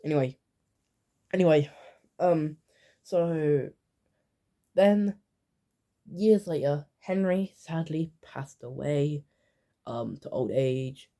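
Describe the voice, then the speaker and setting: A woman's voice: low voice, takes it slowly, long pauses, warm tone. A woman YouTuber talking through a video game timeline in casual commentary, rambling with lots of fillers and offhand asides.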